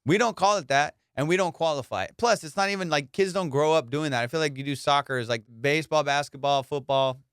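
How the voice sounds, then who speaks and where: Rambling profane comedian, higher voice. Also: male voice, quick pace, hardly any pauses, a bit bright, clean tone, dry recording, studio quality. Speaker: comedian podcast host. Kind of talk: casual comedic banter.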